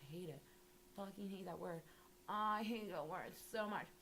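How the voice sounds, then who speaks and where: A woman's voice: medium pitch, normal speed, a bit bright, slight background noise. A young woman talking casually and animatedly, rambling with lots of filler words and swearing. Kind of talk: casual interview monologue.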